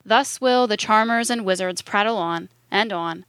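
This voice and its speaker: A woman reads a book aloud in a measured, even manner. Her voice sits in a middle register and sounds dry and close, with no room around it. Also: medium pitch, clean tone, no room sound. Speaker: reader. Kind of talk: scripted reading aloud.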